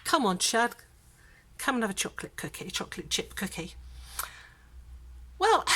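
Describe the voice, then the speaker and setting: A woman's voice: medium pitch, pushed and bright. A middle-aged woman from the south of England, chatting casually in a vlog at home and rambling with plenty of fillers and restarts. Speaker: vlogger.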